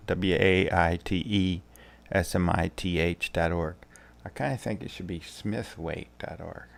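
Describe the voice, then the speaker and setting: A man's voice: deep voice, creaky. A man in his sixties, a tarot reader chatting on a casual vlog at home, rambling and easygoing as he thinks aloud.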